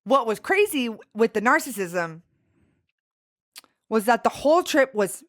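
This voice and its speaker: A woman's voice: on the high side, sing-song, measured pace. A woman co-hosting a podcast, telling a candid story in casual chat, full of "like" and swearing freely. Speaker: podcast co-host.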